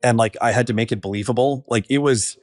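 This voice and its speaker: A man in his thirties, a startup founder, talking casually on a podcast with lots of fillers and quick asides. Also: medium pitch, a little mellow, no room sound, clean studio sound. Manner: casual, filler-heavy storytelling.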